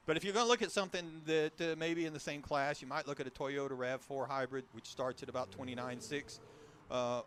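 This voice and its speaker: A man's voice: medium pitch, fairly bright tone, a little hiss or hum. A man co-hosting a car show, chatting casually and reeling off prices and specs. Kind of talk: casual outdoor chat.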